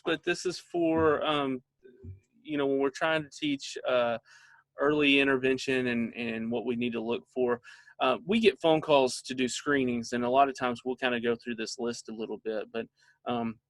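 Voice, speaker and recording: A man's voice: medium pitch, no room sound. A middle-aged man giving a casual training talk to parents, telling stories with lots of filler words. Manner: conversational, storytelling with filler words.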